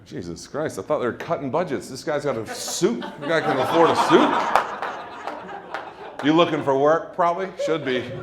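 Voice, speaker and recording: A male stand-up comedian doing loud, teasing crowd work on a club stage. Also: fairly high pitch, lively intonation, moderate pace. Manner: loud, brash, teasing the audience. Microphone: handheld stage mic. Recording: live club with crowd laughter. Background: audience laughter.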